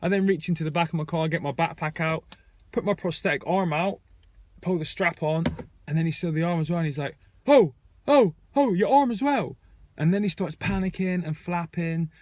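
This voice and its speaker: A man's voice: a little high, fairly even intonation, fairly quick, a little hiss or hum. A young man in a frank, conversational rant, telling a story to his viewers. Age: young adult. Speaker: vlogger. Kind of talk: casual spoken rant. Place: airport terminal.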